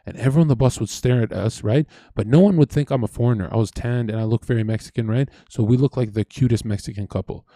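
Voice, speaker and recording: A young man from Canada telling a story in casual chat, animated and profane, acting out what others said. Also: mid-range voice, fast talker, hardly any pauses, dry recording. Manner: animated, profane, acts out quoted voices. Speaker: streamer host.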